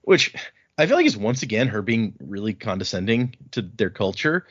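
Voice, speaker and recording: A man's voice: lowish voice, very animated, normal speed, fairly bright tone, breathy edge. A man casually recapping a book chapter on a podcast, rambling with many restarts. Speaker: podcast co-host. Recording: slightly lo-fi podcast audio.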